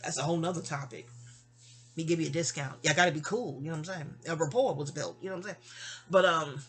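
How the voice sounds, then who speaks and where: A woman in her fifties from New York, casually telling a personal story with rambling asides and self-corrections. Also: fast talker. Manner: acts out remembered dialogue with raised pitch.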